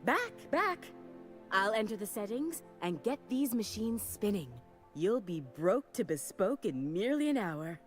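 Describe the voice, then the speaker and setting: A grandiose fashion designer. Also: female voice, medium pitch, sing-song, unhurried, faint music behind. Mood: doting. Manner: grandiose, theatrical, showering people with endearments. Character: flamboyant grand female fashion designer, theatrical and doting. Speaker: game character.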